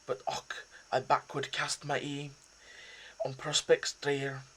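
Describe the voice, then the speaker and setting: A man putting on a Scottish accent to recite a poem as a farmer speaking gently to a mouse, in a raised, drawn-out, declaiming voice. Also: mid-range voice, completely flat delivery, pitched above the performer's own voice, rough recording. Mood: tender, rueful. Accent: put-on Scottish. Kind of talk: poetry recitation.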